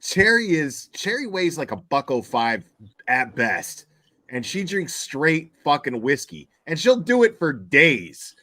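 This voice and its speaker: A man with a slightly raised pitch talks through a loose, swearing chat. He speculates out loud and reacts in disbelief. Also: big pitch swings, measured pace. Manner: incredulous, speculative, laughs at his co-host. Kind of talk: casual profane commentary chat.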